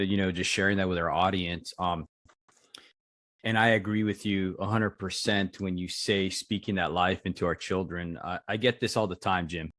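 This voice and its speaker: A low-voiced man hosts a podcast, answering his guest in a reflective, encouraging way. The recording is dry and close, with no room echo. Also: fairly bright tone. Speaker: podcast host. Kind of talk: podcast interview.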